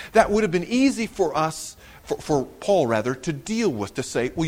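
A male pastor delivering a verse-by-verse sermon at an unhurried pace. His voice swings widely in pitch and jumps up sharply whenever he acts out a quotation. He sometimes trips over and repeats words as he explains. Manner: animated preaching, rising sharply on quoted words. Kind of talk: expository sermon.

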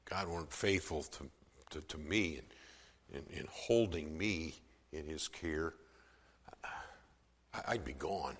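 A man preaching a sermon as pastor, swelling from soft to loud for emphasis, with some stammered restarts. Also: very deep voice, takes it slowly, pauses often, slightly rough, in a large hall.

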